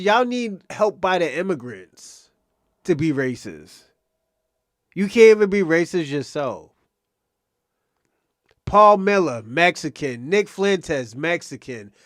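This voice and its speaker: A man's voice: high voice, fairly bright tone, dry recording, studio quality. A man hosting a livestream in casual talk, rambling and profane, repeating himself and needling viewers by nickname. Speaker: livestream host. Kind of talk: casual livestream commentary addressing chat.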